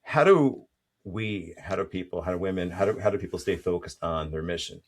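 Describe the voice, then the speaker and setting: A man hosting an interview, affirming often and asking questions with halting restarts. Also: sits low. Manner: affirming, with frequent short yeses and halting restarts. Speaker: interview host. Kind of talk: interview conversation.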